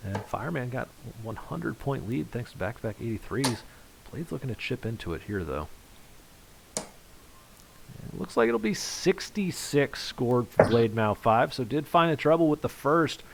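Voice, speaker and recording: A man's voice: medium pitch, lively intonation, normal speed, gravelly, background noise. Man calling online darts play-by-play. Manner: conversational, reads out viewer chat comments; voice rises sharply on big finishes. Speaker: darts commentator. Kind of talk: live play-by-play commentary.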